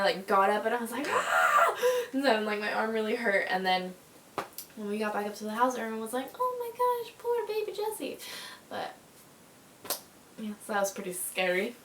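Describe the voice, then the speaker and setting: A woman's voice: medium pitch, slight background noise. Young woman rambling through childhood stories for her channel, lots of "like" and "um", roomy echo. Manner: chatty and animated, many fillers, bursts of laughter. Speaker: vlogger. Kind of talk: casual storytelling to camera. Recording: echoey room.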